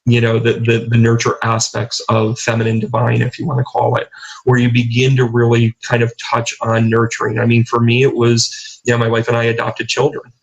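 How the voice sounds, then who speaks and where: A man's voice: medium pitch, monotone, brisk, lo-fi sound. A middle-aged man, a guest on a talk show, telling stories in a rambling way with many restarts and fillers. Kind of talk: casual interview talk.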